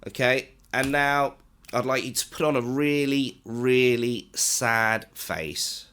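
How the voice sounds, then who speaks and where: A man teaching an online training module, lively and instructive, often jumping up in pitch to stress points. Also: takes it slowly, clean tone. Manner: animated, instructive, pitch jumps up for emphasis. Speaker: corporate trainer. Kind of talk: online training lecture with demonstration.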